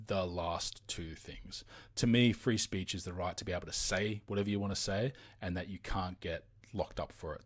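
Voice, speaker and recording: An Australian man hosting a live stream, ranting heatedly in casual commentary with frequent fillers and some swearing. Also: low-pitched.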